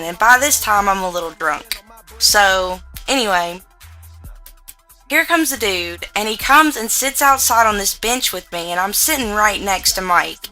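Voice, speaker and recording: A young American woman with a hillbilly-ish Southern twang, chatting over a game in a casual vlog. Her voice is bright and a little sharp, and she tells her stories in a loud, profane way. There is faint music playing underneath her. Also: mid-range voice, rough recording. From United States. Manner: loud, profane, laughing storyteller with a drawl. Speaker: gaming YouTuber. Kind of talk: casual gaming vlog storytelling.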